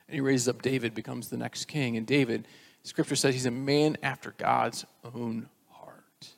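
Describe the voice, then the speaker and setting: A man preaching a sermon, retelling scripture as a lively story and acting out the quoted voices. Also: medium pitch, moderate pace, creaky. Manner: storytelling, acts out quoted voices with rising energy. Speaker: pastor.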